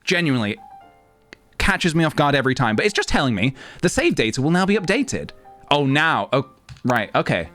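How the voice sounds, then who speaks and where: A man's voice: on the high side, sing-song, fairly quick, a bit bright, faint music behind. A man streaming a game, chatting casually and self-deprecatingly while thanking viewers. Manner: rambling, self-deprecating, thanks chat, reads game text aloud. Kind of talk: casual live-stream chat.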